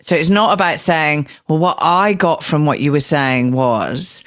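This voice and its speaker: A woman with a notably low voice who speaks slowly and unhurriedly. As host of a podcast interview, she asks her guest tentative questions and paraphrases him back to check that she has understood. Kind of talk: interview conversation.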